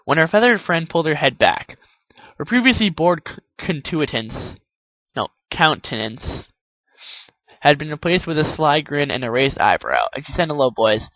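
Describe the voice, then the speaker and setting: A man's voice: medium pitch, expressive, fairly quick, fairly bright tone, no echo, highs cut off. A man reading fan fiction aloud in a casual way, often stumbling and correcting himself. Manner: stumbles, self-corrects, laughs at the text. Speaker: narrator.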